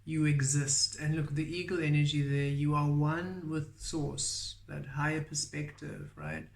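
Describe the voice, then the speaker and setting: A man giving a spiritual tarot reading, speaking softly and repeating affirmations in a roomy, echoey recording. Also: a little high, little pitch movement, unhurried, vocal fry. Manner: soft-spoken, repeats affirmations. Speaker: tarot reader. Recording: roomy echo.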